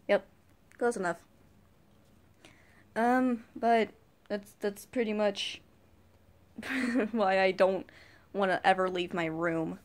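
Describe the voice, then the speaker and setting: A woman's voice: medium pitch, slow pace, pauses often. A teenage girl vlogging a casual rant to camera, rambling and sighing as she complains. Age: teens. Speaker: YouTube vlogger.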